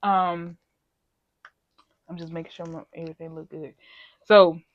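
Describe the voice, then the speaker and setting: A woman's voice: on the low side, little pitch movement, measured pace, no echo. Young woman vlogger telling a work story, rambly and cussing a lot, kinda muffled dry sound. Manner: rambling, candid and profane, with lots of filler. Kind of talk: casual storytime chat.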